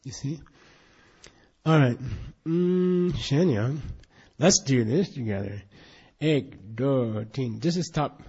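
A man's voice: medium pitch, animated, slow, darkish tone, husky. A man teaching a Buddhist class in an emphatic, questioning way, drilling students in recitation, on a dull lo-fi recording.

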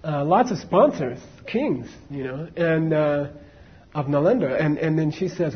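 A man's voice: on the high side, animated, normal speed, slightly rough, dull audio. A man giving a casual Buddhist dharma talk, telling a story conversationally with many asides to his listeners. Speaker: Buddhist teacher.

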